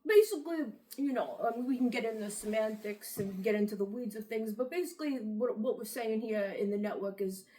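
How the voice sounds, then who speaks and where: Comedy sketch: a woman plays a cocky, high-voiced macho self-help host who brags and rambles. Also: a little fast, hardly any pauses, warm tone, close to an everyday voice. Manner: boastful, rambling, vain. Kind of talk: comedic talk-show sketch.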